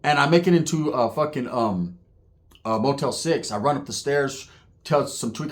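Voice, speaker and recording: A man's voice: medium pitch, brisk. A man telling street stories in a casual, profane, slang-heavy way, acting out the voices of the people in them. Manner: acts out voices, laughs while telling. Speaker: storyteller on his own channel.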